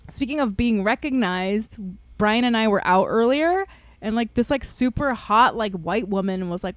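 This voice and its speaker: Woman, young adult, podcast co-host, animated, laughs a lot, filler-heavy, middle pitch. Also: moderate pace, dry recording. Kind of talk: casual chat, storytelling.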